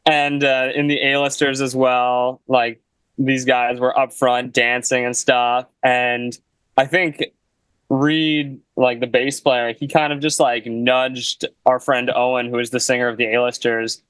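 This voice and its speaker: A man's voice: mid-range voice, level tone, measured pace, fairly bright tone, smooth, no echo, low-quality recording. A young man, a guest musician, telling a casual story in a laid-back way, full of "like" and "you know.". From Canada.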